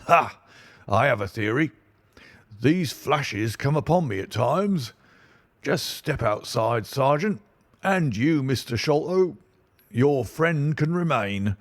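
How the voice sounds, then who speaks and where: A man voicing a stout, blustering middle-aged police inspector with a muffled, husky, wheezing voice in an audiobook. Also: mid-range voice, lively intonation, slow, no echo, voice pushed up. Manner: pompous, brash and self-satisfied. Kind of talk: audiobook reading.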